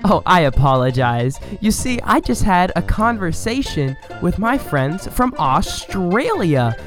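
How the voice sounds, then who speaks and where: A man's voice: high voice, very animated, a little slow, soft background music. Playful young-sounding podcast host man. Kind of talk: casual podcast chat answering call-ins.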